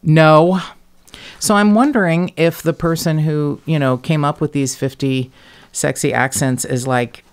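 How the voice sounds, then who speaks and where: A woman's voice: low-pitched, steady tone, unhurried, clean tone. A woman hosting a podcast, talking in a chatty, self-mocking way that mixes in swearing. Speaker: podcast host. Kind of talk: casual chat.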